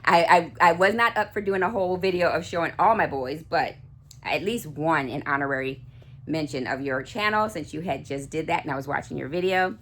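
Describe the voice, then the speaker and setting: A woman with a low-pitched voice chats to camera in a relaxed vlog. She gushes warmly about small things and wanders through fillers and false starts. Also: a little fast. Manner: chatty, gushing, many fillers and restarts. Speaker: doll collector vlogger. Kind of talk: casual chat.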